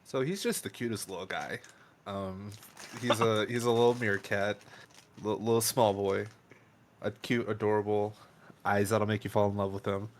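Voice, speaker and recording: A man's voice: lowish voice, steady tone, moderate pace, slight background noise. A man player describing his character in a tabletop game in a playful, joking way.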